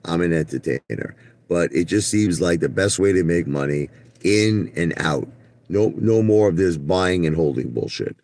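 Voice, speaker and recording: A man's voice: low voice, expressive, moderate pace, a little mellow, dry recording. A man hosting a live stream, talking bluntly to his viewers and often stumbling and repeating himself. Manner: blunt, repetitive, stumbles and restarts; talks straight to chat viewers by name. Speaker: livestream host. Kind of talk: ranting live stream talk.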